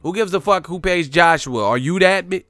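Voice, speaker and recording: A man voicing a hyped-up, greedy male streaming executive who talks loud and profane, in a dry-sounding recording. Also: high voice, normal speed, dry recording, soft background music, pitched above the performer's own voice.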